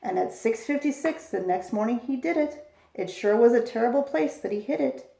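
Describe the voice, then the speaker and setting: A woman reading a rhyming picture book aloud as a bedtime storyteller, with a steady rhythmic cadence. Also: on the high side, gravelly. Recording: echoey room.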